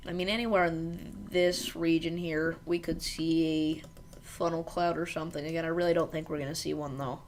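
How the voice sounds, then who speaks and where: With a deep, level voice at normal speed and a slight hiss or hum, an American woman covers a storm on her livestream. She reads viewer comments aloud, trades banter with them, and keeps things self-deprecating.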